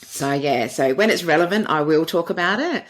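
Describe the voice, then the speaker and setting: A woman's voice: low voice, expressive, normal speed. A middle-aged woman, a podcast guest and dating coach, answering interview questions with earnest, flowing storytelling.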